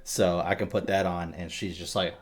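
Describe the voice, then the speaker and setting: A young adult man chatting casually on a podcast, telling animated stories and swearing freely. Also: deep voice, normal speed. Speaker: podcast co-host. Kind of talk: casual chat.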